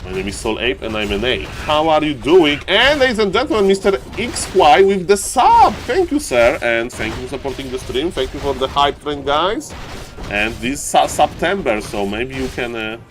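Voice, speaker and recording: A man who is not an English speaker, commentating a strategy game match live on stream, greeting viewers and getting loud at big plays. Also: a little high, normal speed, faint music behind. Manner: excitable, shouts at big plays, non-native English phrasing. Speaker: esports caster and streamer.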